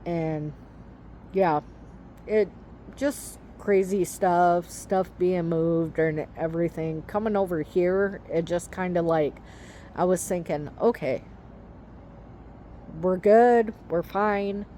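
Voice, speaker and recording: A woman vlogger in middle age tells a story outdoors, slowly and hesitantly. Her voice sits a little low, and she fills her pauses with ums and likes. Faint outdoor noise runs under her voice. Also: fairly even intonation, mellow. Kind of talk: casual storytelling to camera.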